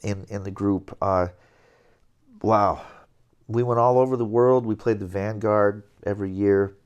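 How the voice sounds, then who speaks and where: A middle-aged man, an interview guest, telling stories about his career in a relaxed, animated way, chuckling now and then. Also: lowish voice, unhurried, clean tone, lo-fi sound. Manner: animated anecdotes, chuckling, scatting melodies. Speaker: interview guest, jazz trombonist. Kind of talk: relaxed storytelling.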